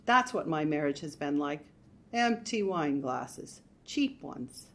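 A woman's voice: sits low, lively intonation, slow pace. A woman voicing a bitter, sarcastic middle-aged housewife in an audiobook story, talking in an exasperated, sardonic way. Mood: wistful bitter.

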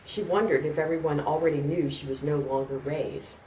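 A woman with a notably low voice reads a story aloud in a steady, measured way. The mic sits some way off in an echoing room, with a faint background murmur. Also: a little hiss or hum. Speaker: narrator. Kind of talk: scripted narration. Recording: roomy, distant mic, faint ambience.

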